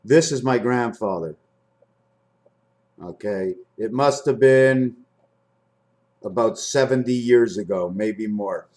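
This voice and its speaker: A man in his fifties rambling through a spiritual monologue to camera, swinging between high loud bursts and low muttering. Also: takes it slowly, long pauses. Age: 50s. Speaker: vlogger.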